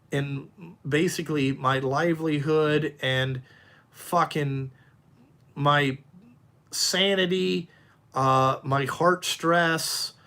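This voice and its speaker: A man's voice: on the high side, gravelly, bright, forceful tone. A man who runs a dump truck business, ranting bluntly and with heavy swearing during a livestream while answering viewers' comments. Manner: repeats himself, halting restarts. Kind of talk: profane livestream rant, answering chat.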